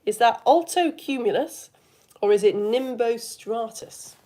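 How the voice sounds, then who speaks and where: A woman's voice: fairly high pitch, lively intonation, a little slow, mellow. A woman teaching a live online science lesson in a chatty, enthusiastic way, asking the viewers questions as she goes.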